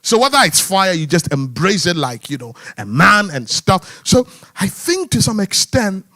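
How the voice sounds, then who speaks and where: A man's voice: sits high, very animated, normal speed, pushed and bright. A man with a London accent hosting a church discussion among men, earnest and searching, often restarting his questions. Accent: London English. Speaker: host.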